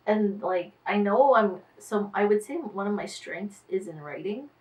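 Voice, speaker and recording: Tired, sighing woman vlogging slowly. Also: medium pitch, lively intonation, a little mellow, recorded from a distance, low-quality recording. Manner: sighing, trailing off, musing aloud. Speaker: artist manager. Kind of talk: casual diary vlog.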